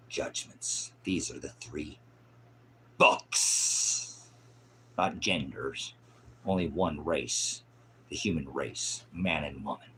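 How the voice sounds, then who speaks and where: A man preaches an improvised, fiery sermon, mocking and scolding as he swings from loud outbursts to low mutters. There is a little hiss or hum in the background.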